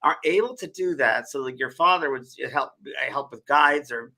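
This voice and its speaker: A man's voice: mid-range voice, moderate pace, pushed and bright. A man co-hosting a casual spiritual chat show, musing aloud and often repeating and restarting his words. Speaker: co-host.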